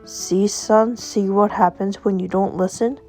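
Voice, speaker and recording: A caring father fox, as a woman puts him on, firm yet kind, with a gravelly, crackly voice and a reassuring way of scolding. Faint music plays softly behind. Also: mid-range voice, steady tone, measured pace.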